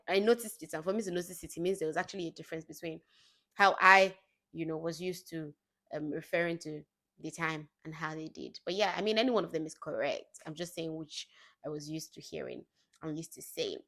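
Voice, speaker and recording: A woman's voice: fairly low pitch, fairly bright tone. A young woman vlogging in a casual chat to the camera, telling stories with laughing asides. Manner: chatty storytelling with laughing asides.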